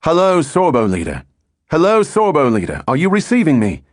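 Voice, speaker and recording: A man's voice: a little high, huge pitch swings, moderate pace, no echo, studio quality, voice pushed up. A man voicing an eager young American male fighter pilot making radio calls.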